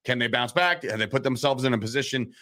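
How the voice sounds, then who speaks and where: A man talking football in a loose, excitable way, with a bright, forceful tone. He rants fast, jumps between points and curses freely. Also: mid-range voice. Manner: animated, swears freely, quick rants. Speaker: sports podcast co-host. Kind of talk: casual sports talk.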